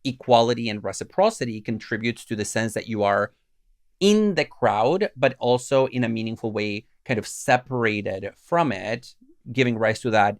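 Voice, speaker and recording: Man, co-host; gravelly, dry close sound, measured explanations. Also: on the low side, fairly even intonation, no echo. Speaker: podcast co-host. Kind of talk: casual philosophical discussion.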